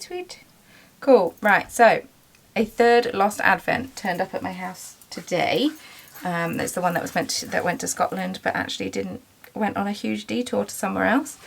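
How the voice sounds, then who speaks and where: A woman's voice: mid-range voice, vocal fry, husky. Chatty woman vlogging. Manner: chatty, rambling, lots of ums. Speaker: small business owner and vlogger. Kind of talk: casual chatty vlog.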